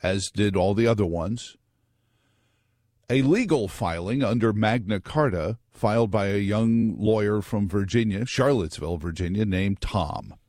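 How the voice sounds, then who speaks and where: Low-pitched male talk radio host, dry studio mic, wry digressive monologue with quick jokes. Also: darkish tone, dry recording.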